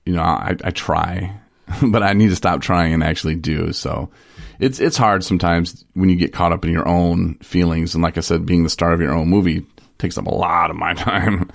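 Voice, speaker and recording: A man's voice: sits low, fairly even intonation, moderate pace, gravelly, no room sound, clean studio sound. A man in recovery telling stories on a casual radio talk show, rambling with restarts and short laughs. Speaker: person in recovery sharing his story.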